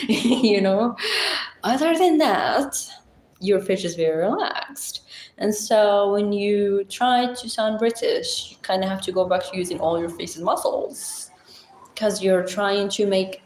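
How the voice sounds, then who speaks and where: A woman's voice: mid-range voice, expressive, measured pace, darkish tone. A woman chatting casually on a livestream, rambling with many fillers. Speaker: livestream host. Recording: echoey room with faint ambient noise.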